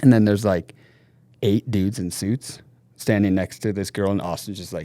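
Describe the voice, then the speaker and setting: A middle-aged man, a podcast guest, telling a wild road-trip anecdote in a loose, profane, animated way. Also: fairly low pitch, moderate pace, no echo. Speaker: podcast guest, snowboard team manager. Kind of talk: casual storytelling.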